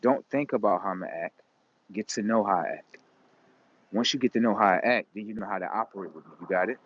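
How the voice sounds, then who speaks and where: A man's voice: fairly low pitch, fast talker. A man in a profane, rambling, emphatic casual monologue. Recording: dull lo-fi recording.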